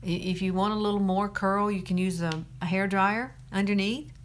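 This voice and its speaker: A woman's voice: mid-range voice, steady tone, normal speed, slight background noise. A woman in her fifties from Alabama with a Southern accent, chatting through a makeup tutorial, laughing often and saying y'all. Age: 50s.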